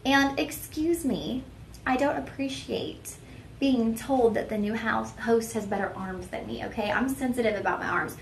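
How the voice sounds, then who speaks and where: A young woman hosts a live shopping show in a chatty, self-teasing way, talking straight to her viewers. Her voice sits a little high. The studio sounds roomy, with a faint hiss underneath. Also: moderate pace, vocal fry. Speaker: shopping channel host.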